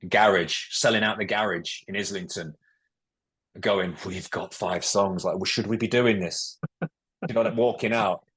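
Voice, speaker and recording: Husky low-voiced man telling stories. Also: fairly even intonation, unhurried, fairly bright tone. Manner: rambling anecdotal storytelling. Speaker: podcast guest, former footballer. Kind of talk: casual interview chat.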